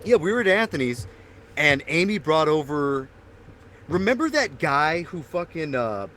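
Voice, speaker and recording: Male co-host, casual and foul-mouthed, loose storyteller, slightly high voice, faint background noise. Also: big pitch swings, unhurried, sharp tone. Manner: rambling profane storytelling, laughs often. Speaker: podcast co-host. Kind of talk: casual chat.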